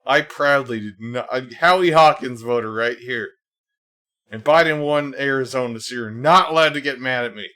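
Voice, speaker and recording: A male livestream host goes on a casual, angry political rant, swearing often and leaning heavily on "like." His mid-range voice sounds bright and forceful at a normal speed.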